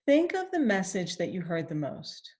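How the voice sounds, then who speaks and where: Her pitch swoops wildly as a woman gently coaches a guided tapping session. She repeats phrases in the first person, pausing for sighs and deep breaths.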